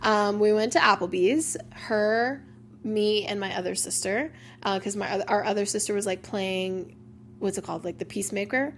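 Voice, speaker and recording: A woman's voice: mid-range voice, moderate pace, slight background noise. A young woman hosting a casual personal podcast, talking openly and emotionally with lots of "like" fillers. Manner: chatty, open and emotional, many "like" fillers. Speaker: podcast host.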